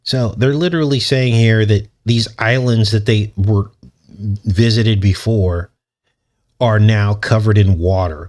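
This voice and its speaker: A man's voice: fairly low pitch, a little mellow. A man hosting his channel, talking through a casual commentary monologue in a sarcastic, mocking way and chuckling often. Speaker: channel host.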